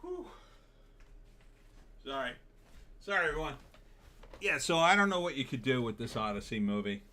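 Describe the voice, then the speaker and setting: A man's voice: mid-range voice, sharp tone. A middle-aged man hosting a casual live stream, talking in an opinionated, sarcastic, loose way. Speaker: host.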